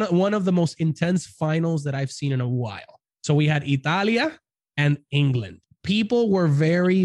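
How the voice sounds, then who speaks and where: A man's voice: fairly high pitch, darkish tone, dry recording. A man co-hosting a podcast, chatting casually and upbeat, often repeating words as he goes. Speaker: podcast co-host. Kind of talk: casual chat.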